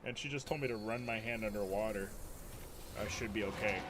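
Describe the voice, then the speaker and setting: Young man chatting over loud vehicle noise. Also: on the low side, a little fast. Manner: loose and profane, heavy on "like" and "dude". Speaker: streamer. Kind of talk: casual storytelling chat.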